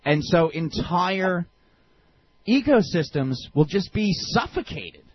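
Stammering animated radio host man. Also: sits high, takes it slowly, slightly rough. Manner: animated, stammering, swears freely. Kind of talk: casual political talk radio chat. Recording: dull lo-fi sound.

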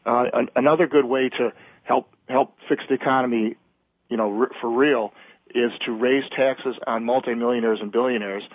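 A male economist calls in to a talk radio show, eager and persuasive as he argues his point. His mid-pitched voice comes through a dry, tinny phone line. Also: fairly even intonation, moderate pace, dry recording. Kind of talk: phone-in conversation.

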